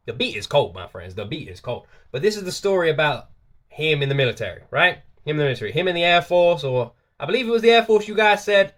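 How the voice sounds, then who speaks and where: Man, reaction host, casual, enthusiastic, bright forceful voice, rapid speech. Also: on the high side, sing-song. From United Kingdom. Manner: enthusiastic, talks to viewers, repeats himself.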